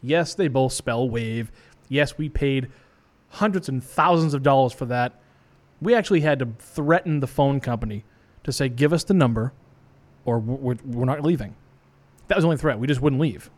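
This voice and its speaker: A man's voice: mid-range voice, normal speed. A male radio DJ, rambling casually and joking about himself between songs in a small studio. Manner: rambling, self-joking, loose. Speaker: radio DJ host. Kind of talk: casual live radio chat.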